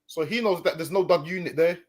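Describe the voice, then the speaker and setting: A man's voice: on the high side, fairly quick, darkish tone. A man talking casually, often restarting his sentences with repeated words. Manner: stammering restarts, conversational. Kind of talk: casual commentary.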